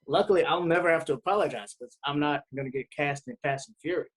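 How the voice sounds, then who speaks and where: A man's voice: fairly high pitch, fast talker. A man who is a guest comedian on a podcast, chatting casually and hesitantly with fillers. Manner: hesitant, full of fillers and restarts. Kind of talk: casual chat.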